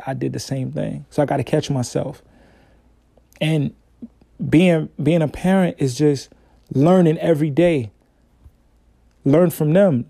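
A man's voice: fairly high pitch, creaky, dark tone, dry recording, studio quality. A man hosting a casual solo podcast, talking in a laid-back, slangy, conversational way. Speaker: podcast host, father.

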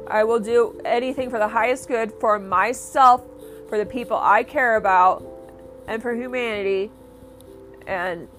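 A woman's voice: on the high side, a bit bright. A young woman hosting her own podcast, rambling and swearing through a casual, enthusiastic rant. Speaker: podcast host.

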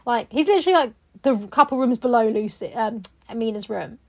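A woman with a slightly high voice, talking casually as a podcast co-host. She is chatty, swears freely and laughs often. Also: a little fast, darkish tone. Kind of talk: casual chat.

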